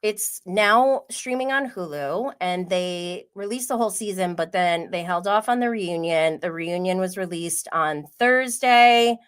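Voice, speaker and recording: A woman hosting a casual pop culture livestream, chatting quickly with many "like" fillers and frequent laughs. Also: fairly low pitch, clean tone. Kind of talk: casual gossip chat.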